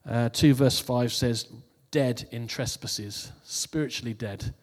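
A man's voice: mid-range voice, takes it slowly, long reverb tail. A man giving a casual New Year sermon who reads out funny posts and laughs at his own jokes before turning to scripture. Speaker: preacher.

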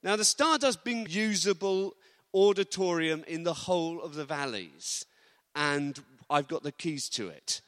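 Male preacher, chatty and jokey, slightly high voice, long church-hall echo. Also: animated, measured pace, fairly bright tone. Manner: chatty, joking storyteller. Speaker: visiting preacher. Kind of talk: informal sermon with personal stories.

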